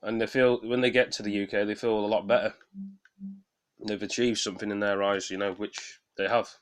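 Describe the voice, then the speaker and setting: Low-voiced man musing casually. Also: level tone, fairly quick, clear, resonant tone. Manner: hesitant, reflective, filler-heavy. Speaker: vlogger commenting on clips. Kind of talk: casual commentary.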